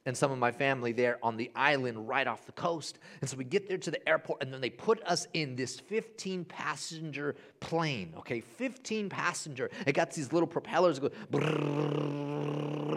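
A man in his thirties, a pastor preaching a sermon with animated storytelling that swings between hushed and loud. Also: on the high side. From Honduras.

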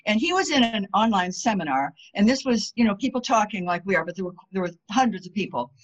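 A woman's voice: mid-range voice, fast. A woman guest on a podcast, talking casually about spirituality and telling stories, and she acts out the voices of the people in them. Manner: animated storyteller, acts out quoted voices. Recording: dull lo-fi sound.

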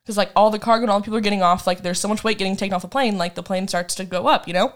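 A woman's voice: mid-range voice, rapid-fire. A woman in her twenties chatting casually as a podcast co-host, telling a rambling, dramatic story full of laughs. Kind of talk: casual chat.

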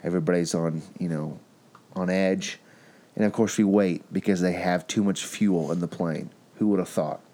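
Low-voiced man telling a lively story. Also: normal speed. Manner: animated storyteller, acts out other people's lines. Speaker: podcast host. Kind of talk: casual storytelling chat.

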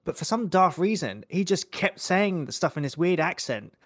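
A man's voice: high-pitched, very animated, normal speed, fairly bright tone, no echo, studio quality. A man co-hosting a horror film podcast, chatting casually and often acting out what people said. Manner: chatty, slips into mimicking people. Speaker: podcast co-host.

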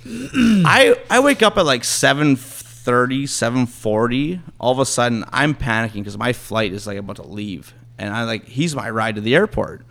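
A man's voice: medium pitch, normal speed, vocal fry, hardly any pauses, fairly bright tone. Rambling Canadian guy telling stories. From Thunder Bay, Ontario, Canada. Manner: rambling, restarts with "so anyways", acts out quotes. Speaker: podcast guest. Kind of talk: casual storytelling.

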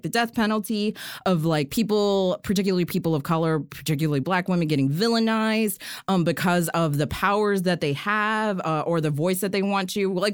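A woman co-hosting a casual movie podcast, talkative and animated, swearing freely. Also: on the low side, clear, resonant tone, no room sound, clean studio sound. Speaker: podcast co-host. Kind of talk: casual chat about movies.

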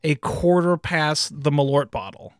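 A man co-hosting a casual live podcast, cracking dry, deadpan jokes. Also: fairly high pitch, measured pace, no echo. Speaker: podcast co-host. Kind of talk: casual live-stream chat.

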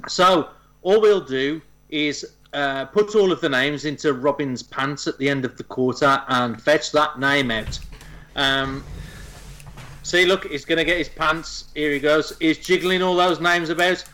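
A man's voice: fairly high pitch, a little slow, sharp tone. A man co-hosting a gaming podcast, explaining a listener contest in a giggly, self-deprecating way. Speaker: podcast co-host.

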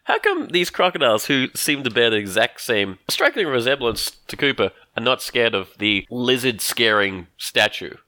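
A man's voice: medium pitch, sing-song, normal speed, hardly any pauses, pushed and bright, no echo. A man with an Australian accent, chatting casually as a podcast co-host, wry and joking, often laughing. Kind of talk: casual chat.

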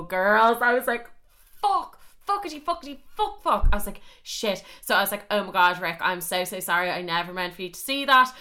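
A woman's voice: on the low side, pushed and bright. A young woman podcast host telling a story in a chatty, self-mocking way and swearing a lot. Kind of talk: casual storytelling monologue.

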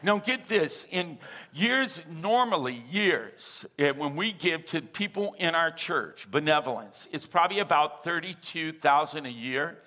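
Bright-voiced energetic male preacher. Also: fairly high pitch, a little slow. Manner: energetic preaching with call-and-response questions; humorous asides. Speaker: pastor. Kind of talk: sermon.

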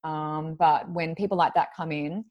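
A woman's voice: low voice, fairly even intonation, measured pace, lo-fi sound. A woman who works as a medium, chatting as a podcast guest and telling a long story in a rambling way, with many fillers. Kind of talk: casual storytelling.

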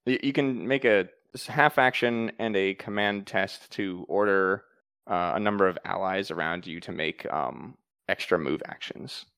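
Gravelly, low-voiced male game master. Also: unhurried, no room sound. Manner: calm, matter-of-fact explaining of rules. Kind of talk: narrating a tabletop game.

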